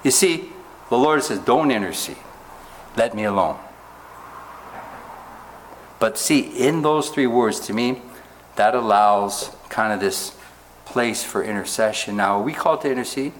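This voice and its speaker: Man preaching, slow scripture reading. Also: mid-range voice, a little hiss or hum. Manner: reads scripture slowly, asks rhetorical questions. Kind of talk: sermon, Bible teaching.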